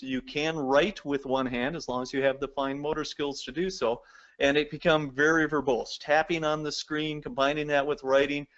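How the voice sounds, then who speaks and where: A man's voice: medium pitch, fairly bright tone, muffled recording. A man giving a recorded lecture, explaining step by step and addressing the viewers directly. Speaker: presenter.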